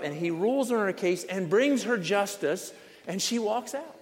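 A male preacher telling a sermon story in a slow, dramatic manner, leaning on repetition. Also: high-pitched, lively intonation. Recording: long reverb in a large hall.

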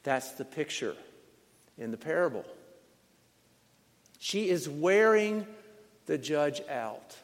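Slow, dramatic male preacher. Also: on the high side, sing-song. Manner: slow, dramatic storytelling with repetition. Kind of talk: sermon. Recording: long reverb in a large hall.

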